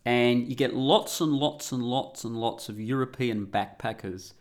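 A middle-aged man with an Australian accent talks loosely and irreverently, swearing freely and wandering off on tangents. His voice sits at an ordinary middle pitch for a man, recorded at home. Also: steady tone, measured pace. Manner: irreverent, rambling, profane. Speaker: guest podcast host. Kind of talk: casual monologue. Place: home room.

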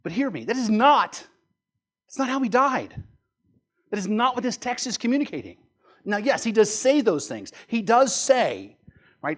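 A man delivers a sermon in a fairly high voice. He explains the text earnestly, keeps asking "right?" and presses hard on his key points. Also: sing-song, normal speed. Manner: earnest, repeats "right?" often, builds to forceful emphasis. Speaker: pastor.

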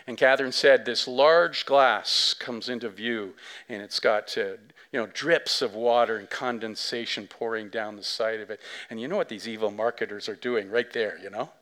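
A man preaching a sermon as pastor, telling a story in a chatty way with lots of asides, dropping to a hush and then swelling to near shouts. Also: medium pitch, moderate pace. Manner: animated storytelling, big swings from soft to loud; conversational, many fillers and asides.

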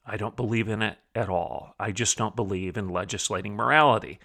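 Man, commentary host, bright voice, emphatic, repetitive for stress, rhetorical questions. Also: lowish voice, fairly quick, gravelly. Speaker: podcast host. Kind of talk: opinion commentary monologue.

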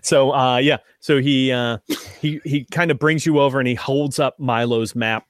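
A man's voice: medium pitch, fairly even intonation, moderate pace, no room sound, clean studio sound. Rambling male game master. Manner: rambling, thinking aloud with fillers. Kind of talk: narrating a tabletop game.

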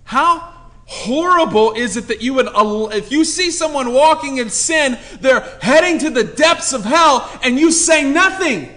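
A man's voice: very high voice, animated, a little slow, pushed and bright. A young man preaching a sermon in a passionate, conversational way, joking with the room and repeating points for emphasis. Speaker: pastor.

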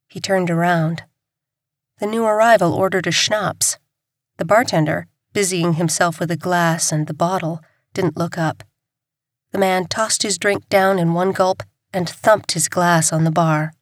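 A woman narrates a crime novel for an audiobook, reading from a script in a measured, steady storytelling style. Her voice sits on the low side, with studio-quality sound and no room echo.

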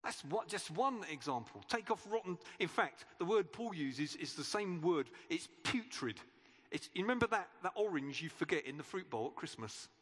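Male preacher, bright high voice, bouncy delivery, conversational sermon in a reverberant church hall. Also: normal speed, slightly rough. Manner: chatty and animated, with playful asides.

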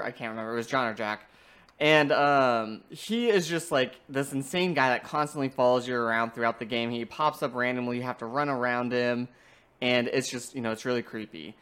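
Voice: mid-range voice, normal speed, fairly bright tone, clean tone. A podcast co-host recapping a video game story in a casual, enthusiastic review chat, with many fillers.

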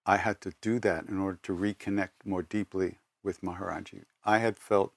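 An older man giving a spiritual talk, telling personal stories in an unhurried, reflective way with pauses and self-corrections. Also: low voice, level tone, vocal fry, no room sound. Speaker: spiritual teacher.

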